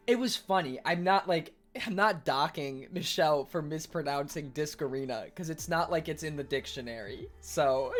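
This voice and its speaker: Animated streamer man answering chat. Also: fairly high pitch. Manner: reads chat aloud and answers, eating on stream; defensive, quick to argue. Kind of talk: casual livestream chat.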